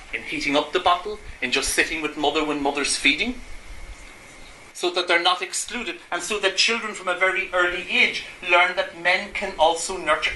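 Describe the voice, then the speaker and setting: A man's voice: on the high side, bright, forceful tone, a little hiss or hum. A man, a Gestalt therapist, lecturing a live audience, asking them rhetorical questions and acting out everyday examples. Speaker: Gestalt therapist giving a talk. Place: room with an audience. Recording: echoey room, faint ambience.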